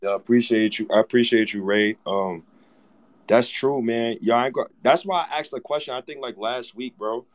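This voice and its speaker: A man hosting a podcast talks in a relaxed, agreeable way with a middle-pitched voice. He is easygoing and conversational while he answers his guest. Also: moderate pace. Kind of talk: casual podcast chat.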